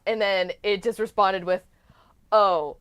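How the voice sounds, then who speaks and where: A woman with a middle-pitched voice co-hosts a casual live stream. She tells her stories bluntly and with animation, swearing freely along the way. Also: lively intonation, moderate pace. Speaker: podcast co-host.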